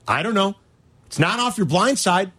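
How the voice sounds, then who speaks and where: A man's voice: high-pitched, lively intonation, normal speed, pushed and bright, breathy edge. A man hosting a sports talk show, ranting animatedly and asking rhetorical questions. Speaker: sports radio host.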